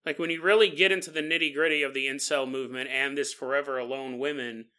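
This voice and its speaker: A man's voice: mid-range voice, fairly even intonation, quick pace, sharp tone, smooth. A man hosting a solo podcast in a casual monologue, laughing often and acting out the people he quotes. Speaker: podcast host.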